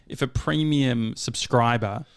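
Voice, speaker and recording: A man's voice: mid-range voice, measured pace, clear, resonant tone, no room sound, clean studio sound. An Australian man co-hosting a casual chat podcast, telling rambling stories and correcting himself as he goes. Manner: rambling, self-correcting storyteller. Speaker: podcast co-host.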